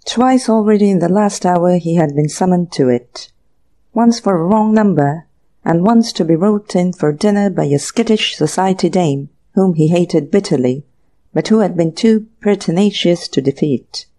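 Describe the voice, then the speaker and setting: A woman narrating an audiobook mystery story in an even, measured storytelling manner. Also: on the low side. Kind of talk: scripted narration.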